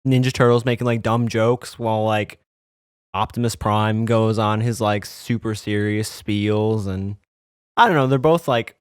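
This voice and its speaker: A man's voice: on the low side, fairly even intonation, unhurried, smooth, dry recording, studio quality. A man co-hosting a podcast, rambling casually with lots of fillers. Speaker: podcast co-host. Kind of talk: casual chat.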